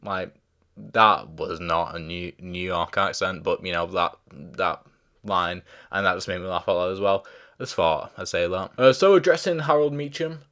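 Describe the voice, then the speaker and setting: A man's voice: low-pitched, moderate pace, fairly bright tone. A man giving a casual spoken review, rambling with many fillers and restarts and stopping to apologise when he forgets names. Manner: loses track of names, apologises. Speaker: show reviewer.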